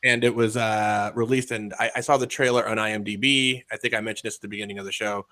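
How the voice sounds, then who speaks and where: A man's voice: lowish voice, steady tone, fast talker, bright, forceful tone, dry recording. A man hosting a casual podcast chat, rambling and profane, laughing often as he talks. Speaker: podcast host.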